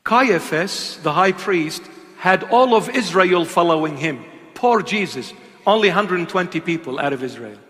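A man preaching an impassioned sermon, swinging between loud emphatic calls and hushed, intimate asides. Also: high voice, animated, moderate pace, long reverb tail.

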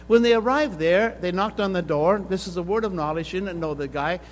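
Older male preacher, high pitch, storytelling sermon with fervent build, long hall reverb. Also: fairly quick. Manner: storytelling, rising to intense emphasis. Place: conference hall. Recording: reverberant hall with faint hum.

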